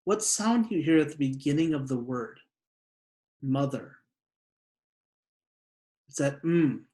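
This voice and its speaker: Male teacher, slightly high voice, echoey room, deliberate spelling dictation. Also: a little mellow. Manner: slow, deliberate, repeats each word. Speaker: second grade teacher. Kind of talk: spelling lesson for children.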